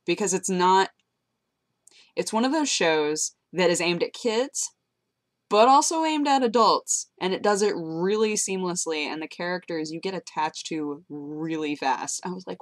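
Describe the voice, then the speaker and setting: A woman's voice: lowish voice, lively intonation, a little slow. A young woman chatting casually into a webcam, rambling and self-mocking, with many fillers and laughs. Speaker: vlogger. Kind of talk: casual webcam vlog chat. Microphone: webcam mic.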